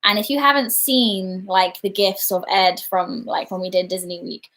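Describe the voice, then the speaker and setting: A woman's voice: medium pitch, steady tone, moderate pace, fairly bright tone. Woman, casual livestream storytelling, rambling, self-deprecating. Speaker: livestream host.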